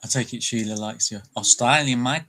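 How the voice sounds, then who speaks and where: A man's voice: medium pitch, bright, forceful tone. A man co-hosting a casual livestream, joking and tripping over his words. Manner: joking, halting.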